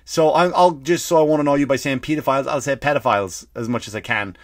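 An Irish man hosting a comedy podcast, ranting and swearing freely, breaking into loud acted-out bursts. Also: mid-range voice, expressive, quick pace, no room sound, clean studio sound. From Ireland. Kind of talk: comedic rant.

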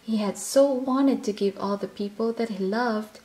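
A woman reading a children's picture book aloud in a gentle, expressive way. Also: a little high, moderate pace. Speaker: storyteller.

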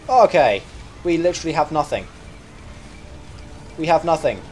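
Young male YouTuber, lively gameplay commentary, frequent panicked yelps, slightly high voice. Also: normal speed, pauses often, faint music behind. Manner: excitable, yelps and shouts at the game. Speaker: gaming YouTuber.

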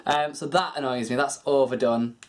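A man's voice: medium pitch, fairly even intonation, normal speed. A young man vlogging in a rambling, chatty way, answering viewer questions and swearing casually.

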